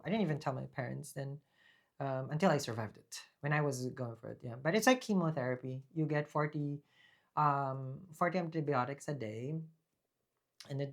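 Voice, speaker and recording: A man giving a casual tarot reading. He rambles and restarts, speaks with a preaching tone about faith, and bursts into loud, emphatic talk. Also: medium pitch, brisk, gravelly. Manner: rambling, with frequent fillers and restarts. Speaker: tarot reader. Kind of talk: casual spoken tarot reading with personal testimony.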